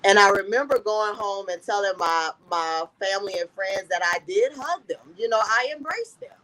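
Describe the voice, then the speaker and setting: A woman's voice: mid-range voice, lively intonation, normal speed, fairly bright tone, poor audio. A woman guest in an interview, earnestly telling a personal story and often repeating "I said" as she recounts conversations.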